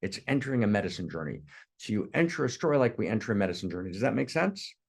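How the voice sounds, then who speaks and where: A middle-aged man with a low, gravelly voice gives a spiritual teaching as a story. He speaks with passion and keeps checking in with "right?". He often repeats words as he goes. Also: big pitch swings, fast talker. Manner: impassioned, frequent "right?" asides, repeats words.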